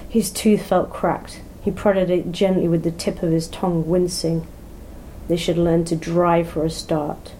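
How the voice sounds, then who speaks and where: A woman narrating a crime story in an even, measured storytelling manner. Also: fairly low pitch, slight background noise, rough recording. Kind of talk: audiobook narration.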